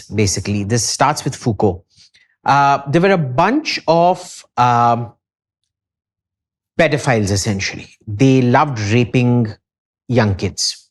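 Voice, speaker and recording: Indian-accented male guest, mid-pitched, lively intonation, lectures with firm opinions. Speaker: podcast guest. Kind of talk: casual podcast discussion.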